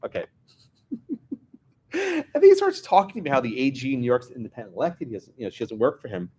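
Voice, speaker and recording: A man's voice: medium pitch, sing-song, fast talker, a little mellow, breathy edge. A man from New York, a lawyer giving a talk, telling anecdotes with wry asides. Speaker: lawyer and guest speaker. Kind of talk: lecture with storytelling.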